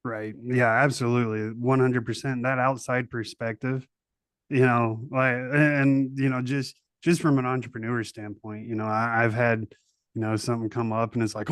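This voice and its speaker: A man's voice: medium pitch, fairly even intonation, moderate pace, clean tone, dry recording, clean studio sound. A man hosting a podcast interview, talking in a laid-back, slangy way with lots of fillers. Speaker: podcast host. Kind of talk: casual interview chat.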